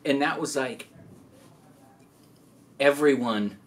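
A man's voice: mid-range voice, takes it slowly. A male podcast host chatting casually with a guest in a laid-back, slangy way. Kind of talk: casual interview chat. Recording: distant mic with faint noise.

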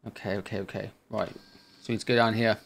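A man's voice: fairly low pitch, level tone, quick pace, creaky. A man hosting a gaming channel, chatting through a let's play in an easygoing way and thinking aloud as he goes.

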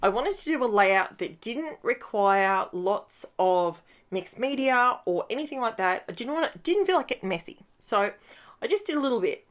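A woman's voice: a little high, big pitch swings, normal speed. A middle-aged woman, hosting a casual scrapbooking tutorial from her home craft room, chatty and rambling as she works. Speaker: scrapbooking channel host.

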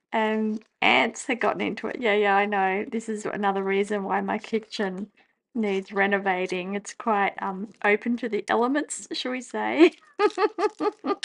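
A woman, chatting casually at her desk as she journals, laughing often and breaking into excited exclamations. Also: fairly high pitch. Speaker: journaling vlogger. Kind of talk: casual chat while journaling. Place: home desk.

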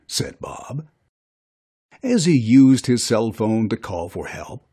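Slow, sing-song storybook narrator. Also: mid-range voice, sing-song, noisy background. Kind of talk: children's storybook reading.

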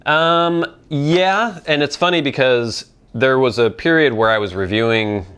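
A young man hosting a casual viewer Q&A, thinking out loud with many ums and restarts. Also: mid-range voice, unhurried, smooth. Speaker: pipe tobacco channel host.

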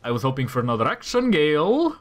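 Playing a tactical role-playing game, a man gives casual commentary, talking to himself, reacting to rolls, and trash-talking enemies with plenty of swearing. His slightly high voice is sing-song and quick.

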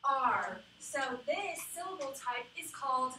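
A woman's voice: high-pitched, animated, measured pace, pushed and bright, slight background noise. A woman teaching a phonics lesson to a small group of children, coaxing call-and-response answers in an upbeat way. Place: classroom. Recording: echoey classroom from far off.

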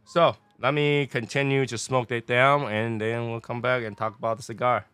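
A man talks through a casual review, rambling and playful. His voice is bright and dry, close to the mic. Faint music plays under him. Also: mid-range voice, level tone, normal speed, clear, resonant tone, no room sound. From Taiwan. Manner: chatty, rambling, playful tangents. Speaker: cigar and spirits reviewer.

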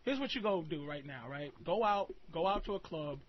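A man giving blunt, profane advice on a radio show, emphatic and preachy, swinging from low murmurs to shouting. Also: animated, moderate pace, a little hiss or hum. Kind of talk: loud profane radio rant. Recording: lo-fi radio broadcast.

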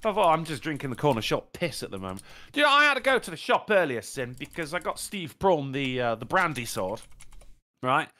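A British man in casual conversation, telling rambling stories full of swearing and laughter. His pitch swoops very widely from line to line, with plenty of bounce. He sounds like a relaxed show co-host. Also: a little fast. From Britain. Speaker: podcast co-host. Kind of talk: casual chat.

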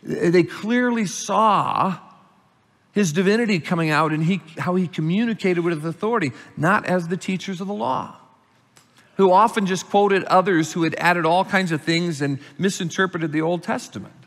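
Male pastor, middle-aged, higher-pitched, sermon with long church reverb. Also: normal speed. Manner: explains scripture calmly, rises in pitch and volume reading verses. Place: church sanctuary.

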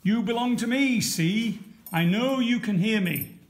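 A man voicing a proud, bossy man in a storybook who insists on owning everything, speaking loudly and insistently. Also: a little high, animated, measured pace. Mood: demanding. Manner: loud, insistent, commanding.

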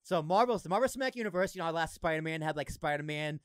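A man in casual podcast chat, excitable and profane, often laughing as he talks. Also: on the high side, rapid-fire, clean tone, no room sound. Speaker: podcast co-host.

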